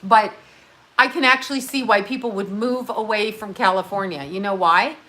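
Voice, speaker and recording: A woman's voice: medium pitch, moderate pace, pushed and bright. Blunt, profane woman chatting on a livestream. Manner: blunt, profane, chatty while doing her nails. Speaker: livestream host. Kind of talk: casual rambling livestream chat.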